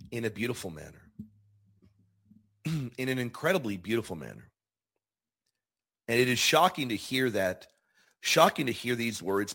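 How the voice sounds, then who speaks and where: A man's voice: medium pitch, a bit bright. A man hosting a Catholic teaching show, speaking earnestly and emphatically, repeating key words for stress. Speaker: show host.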